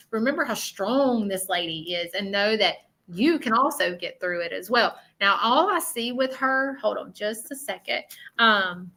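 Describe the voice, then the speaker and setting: A woman's voice: mid-range voice, sharp tone, poor audio. A woman with a Southern US accent giving a live psychic reading, reassuring and repetitive, often checking in with "okay?". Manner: reassuring, repeats herself, keeps asking okay. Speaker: spiritual medium.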